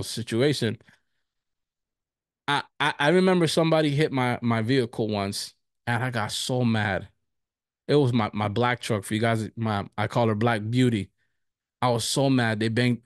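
Man, pastor, chatty bible study, laughs a lot, mid pitch, dry close mic. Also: no echo. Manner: storytelling, laughs often, animated retelling. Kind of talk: conversational bible study teaching.

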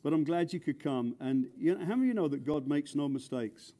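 A man's voice: a little high, lively intonation, fairly quick, dark tone. A man preaching a chatty, joking sermon, often stumbling and repeating words. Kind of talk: conversational sermon.

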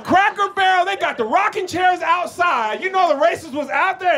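A man performing a stand-up comedy set with excitable, animated storytelling. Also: very high voice, normal speed, few pauses, crowd noise.

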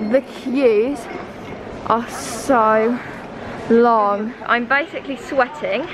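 A woman's voice: fairly high pitch, very slow, noisy background. A woman chatting casually in a vlog, self-mocking and talkative. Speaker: vlogger.

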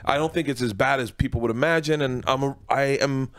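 A man in his forties, a comedian guest telling stories in a casual radio studio interview, rambling and excitable, restarting his sentences often. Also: mid-range voice, quick pace.

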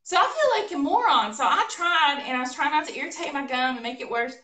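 A woman co-hosting a live show, telling a funny story about her day in an animated, laughing way. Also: sits high, fast talker. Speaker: co-host of a painting livestream. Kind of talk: casual storytelling chat. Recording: echoey room, voice a bit far from mic.

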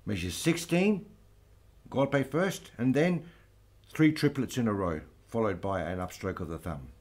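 Slow, patient male guitar teacher. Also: fairly low pitch, expressive. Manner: slow, patient, counts aloud over playing. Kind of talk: guitar lesson explanation. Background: flamenco guitar playing.

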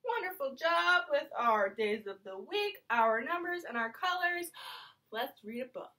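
A young woman teaching preschoolers over video, talking in a slow, singsong, encouraging way. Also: high voice, expressive, sharp tone. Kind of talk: online circle time for young children. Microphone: phone or camera held close, adjusted mid-video.

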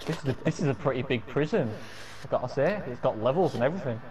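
A young man with a mid-pitched voice comments on a game with a co-op partner. He keeps up a stream of playful, joking remarks. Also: lively intonation, fast talker. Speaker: gamer playing co-op. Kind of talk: casual let's-play chat.

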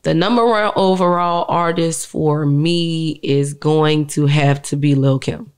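A woman's voice: deep voice, clear, resonant tone. A woman from Uptown New Orleans with a New Orleans accent, chatting animatedly as a rapper guest in an interview. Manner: animated, quick Uptown talk. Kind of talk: casual interview chat.

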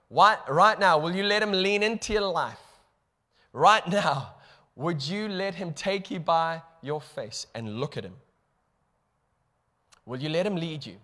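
A man with a South African accent delivers a passionate sermon, his voice high and bright. It rings with a long reverb from the church hall. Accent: South African English. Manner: impassioned, rising to emphatic peaks. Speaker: pastor.

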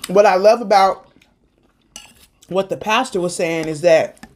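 A woman host speaking earnestly about faith and perseverance in a casual chat, talking like a sermon and protesting loudly when teased. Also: lowish voice, measured pace. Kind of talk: casual faith talk on an eating show.

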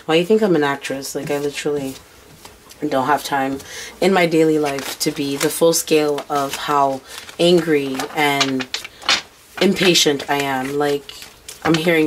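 A woman's voice: sits low, a little hiss or hum. A woman giving a casual tarot reading, blunt and swearing freely as she relays what she says spirit tells her. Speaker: tarot reader.

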